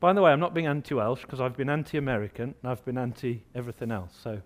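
A man from England preaching a sermon, rising to loud, emphatic outbursts as he voices objections. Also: mid-range voice, fast.

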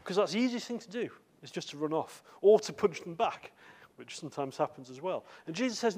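Male preacher, fairly high voice, conversational sermon full of stories and restarts. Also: lively intonation, fairly quick, darkish tone, husky. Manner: storytelling with acted quotes and repeated words. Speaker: visiting preacher.

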